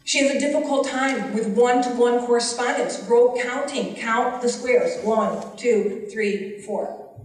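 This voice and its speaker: A woman's voice: on the high side, a little slow, a little mellow, far from the mic. Impassioned woman teacher in echoey hall. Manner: earnest, impassioned pleading. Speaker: special education teacher. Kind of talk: public testimony at a legislative forum. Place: large hearing room.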